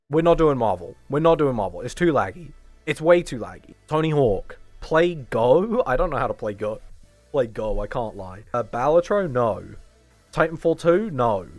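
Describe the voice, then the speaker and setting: A man streaming to his chat, hyper and rambling, swearing often, jumping between loud high bursts and low mutters. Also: big pitch swings, normal speed, no room sound, soft background music. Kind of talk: casual stream chatter.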